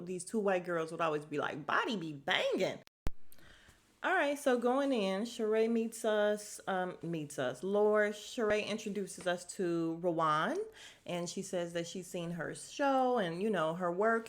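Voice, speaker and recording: Woman podcast host, casual reality-TV recap, animated and chatty, laughs easily, mid-pitched voice. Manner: acts out quoted people's voices.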